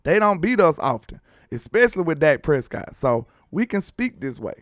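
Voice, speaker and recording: A man's voice: on the high side, big pitch swings, moderate pace, dry recording, clean studio sound. A young man hosting a casual sports chat, laid-back, laughing often and using dialect slang. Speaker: sports show host.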